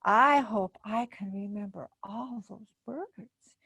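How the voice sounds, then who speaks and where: Eager little girl in a storybook, a woman reading, slow and dry sounding. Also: medium pitch, vocal fry, a bit bright, husky, no room sound, full character voice. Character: eager young girl, a bit nervous.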